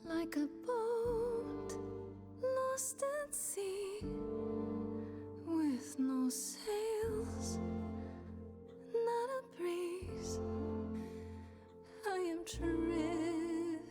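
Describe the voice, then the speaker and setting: A lonely heroine, high and slow. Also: female voice, expressive, loud music behind the voice, heavily acted. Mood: plaintive. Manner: slow, plaintive singing. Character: lonely young woman heroine singing a ballad. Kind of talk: musical game song. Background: loud musical accompaniment.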